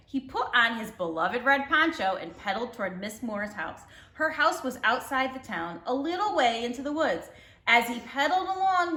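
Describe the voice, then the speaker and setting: Teacher reading a children's book aloud: woman, bright and animated, higher voice, roomy echo. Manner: expressive and warm toward children. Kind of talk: read-aloud storytelling for children.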